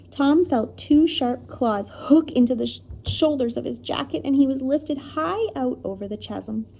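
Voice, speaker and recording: A woman reading a children's story aloud in an expressive, dramatic way. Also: on the high side, creaky, slightly rough.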